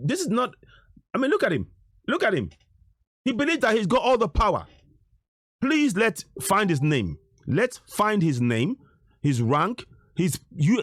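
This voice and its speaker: Middle-aged male activist, insistent and repetitive, pitched-up and very expressive. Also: no echo, clean studio sound. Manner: insistent, repeats "you see?", indignant. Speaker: activist commentator. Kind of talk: commentary over video footage.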